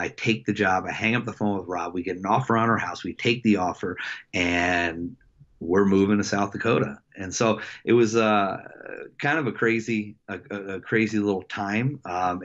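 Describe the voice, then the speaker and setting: Middle-aged coach, very low voice, reflective and halting; slightly dull lo-fi audio. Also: male voice, a bit bright. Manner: reflective, halting with many fillers and restarts. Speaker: wrestling head coach, podcast guest. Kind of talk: casual storytelling interview.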